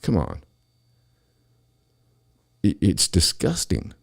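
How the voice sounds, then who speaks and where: A man with a very low, gravelly voice rants on his own show. He talks angrily and swears constantly as he vents to his listeners. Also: huge pitch swings, drawn-out words. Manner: angry, profane, ranting. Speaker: podcast host. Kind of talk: solo political rant.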